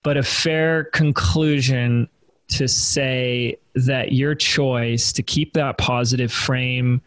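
Unhurried male podcast host, dry sound. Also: mid-range voice, steady tone, no echo. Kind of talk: interview questions.

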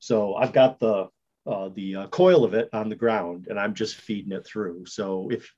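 Husky, playful man on a lo-fi mic. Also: lowish voice, moderate pace, darkish tone. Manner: playful, laughs and jokes often. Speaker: player. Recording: dull, lo-fi mic.

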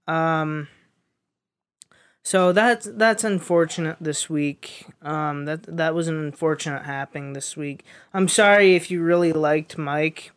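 A man's voice: on the high side, fairly even intonation, takes it slowly, fairly bright tone, smooth. A young man telling a rambling story in casual chat, with lots of fillers and restarts.

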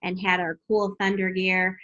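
A woman's voice: mid-range voice, completely flat delivery, moderate pace, bright, forceful tone, lo-fi sound. A woman, a parent of young athletes, reminiscing in a casual chat and often repeating words as she starts a sentence. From Texas. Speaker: parent of water polo players.

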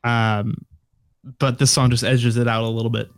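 A man's voice: mid-range voice, flat delivery, normal speed, no room sound, studio quality. A young man co-hosting a podcast in casual chat, rambling with many fillers and restarts. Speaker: podcast co-host.

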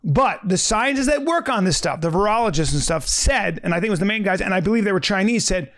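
A man's voice: sits high, lively intonation, quick pace, fairly bright tone. A man co-hosting a podcast, chatting casually in a brash, profane, rambling way and laughing often. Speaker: podcast co-host. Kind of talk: casual banter.

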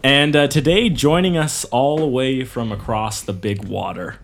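A man's voice: medium pitch, moderate pace, creaky. A man hosting a casual podcast, rambling and teasing his co-hosts. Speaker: podcast host.

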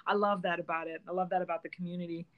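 A woman's voice: lowish voice, level tone, rapid-fire, narrow, tinny audio. A woman hosting a casual chat, upbeat and agreeable as she chimes in. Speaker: host.

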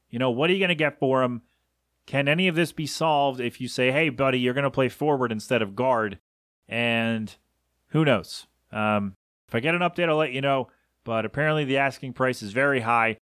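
A male podcast host rambles casually about sports alone, frequently fixing what he said and slipping into side tangents. His voice is medium-pitched with a fairly bright tone, recorded at studio quality without echo.

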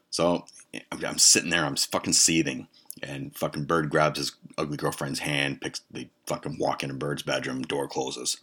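Podcast host, very deep, raspy, swears constantly in a comic monologue. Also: male voice, flat delivery, moderate pace, sharp tone. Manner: heavily profane, heated retelling.

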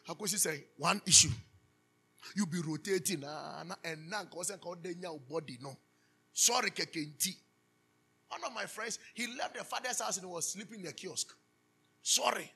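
A man preaching a sermon as pastor, animated, asking the congregation to finish his sentences. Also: high voice, creaky, slightly rough. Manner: animated preaching with call-and-response questions.

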